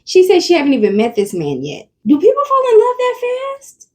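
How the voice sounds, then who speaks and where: High, lively-voiced woman commentator. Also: brisk. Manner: blunt, scolding. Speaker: commentary channel host. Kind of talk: reaction commentary.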